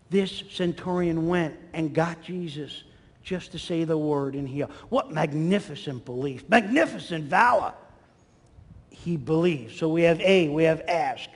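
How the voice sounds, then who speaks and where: A man preaching a sermon in a church hall, animated and acting out the voices in his stories. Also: a little slow. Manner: animated, acts out quotes with swings in pitch and volume. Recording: long hall reverb.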